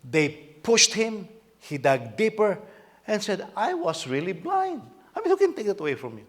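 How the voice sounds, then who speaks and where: A man pastor from the Philippines preaching a sermon, animated, with many repetitions and rhetorical questions. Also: sits high, moderate pace.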